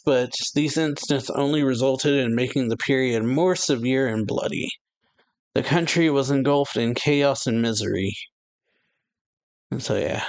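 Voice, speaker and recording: A man hosting a reaction channel, reading a manga chapter aloud in casual chat, stumbling and correcting himself, chuckling at his slips. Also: medium pitch. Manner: reads aloud with frequent restarts and self-corrections. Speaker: anime reaction channel host. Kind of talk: casual manga read-through.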